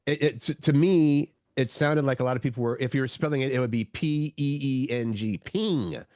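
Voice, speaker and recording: A man's voice: medium pitch, fairly even intonation, brisk, a little mellow, dry recording, studio quality. A man co-hosting a morning show, chatting casually and searching for his words as he rambles along. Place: radio studio.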